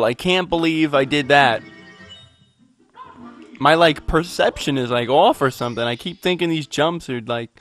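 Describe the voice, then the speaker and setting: A man's voice: a little high, moderate pace, long pauses, a bit bright, soft background music. A man playing a video game and narrating it in a rambling, goofy, self-mocking way, with sudden outbursts. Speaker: let's play gamer. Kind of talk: game commentary.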